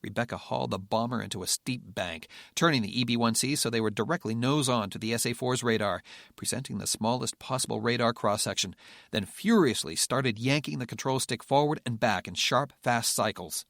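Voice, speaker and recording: A man reading a military thriller audiobook in steady, measured narration. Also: mid-range voice, vocal fry, no echo, clean studio sound. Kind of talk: scripted narration.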